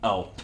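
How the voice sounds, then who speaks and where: A man's voice: high-pitched, slight background noise. A man streaming a video game and chatting with viewers, telling stories with laughter and a lot of swearing. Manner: chatty, laughing storyteller who swears freely. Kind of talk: casual gameplay chat with viewers.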